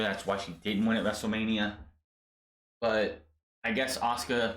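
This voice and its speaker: A man casually recapping a wrestling show, rambling and animated, with many fillers as he retells the events. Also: mid-range voice, roomy sound.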